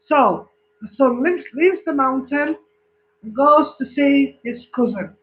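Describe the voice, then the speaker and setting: A man telling a long joke casually, repeating himself and checking that his listeners follow. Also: very high voice. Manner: slow, repetitive storytelling with check-ins. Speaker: joke teller. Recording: tinny phone-like recording.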